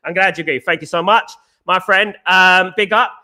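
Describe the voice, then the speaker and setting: A man's voice: sits high, fairly even intonation, normal speed, bright, forceful tone. Emphatic British man hosting a live stream. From Britain. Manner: emphatic, repetitive, reads viewer comments aloud. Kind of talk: casual live-stream chat.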